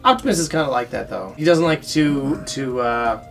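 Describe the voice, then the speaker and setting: A man co-hosting a casual review chat, joking and acting out characters in quick silly voices. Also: medium pitch, lively intonation, creaky, a bit bright, soft background music. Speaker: podcast co-host reviewing a cartoon series.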